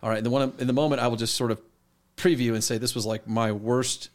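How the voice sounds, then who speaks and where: A male pastor tells a story during a casual podcast chat, acting out quoted lines with lively energy. His voice is medium in pitch and his speech fast.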